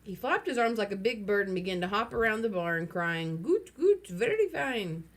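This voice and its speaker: A woman reading a children's novel aloud, lively and throwing in wry asides. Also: mid-range voice, a little fast. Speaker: reader.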